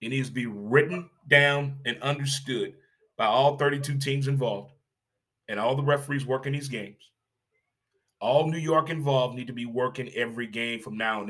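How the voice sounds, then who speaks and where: Emphatic man ranting about sports. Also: mid-range voice. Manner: animated, emphatic and repetitive, with rhetorical questions; blunt, swears casually. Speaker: sports commentator. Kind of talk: opinionated sports rant.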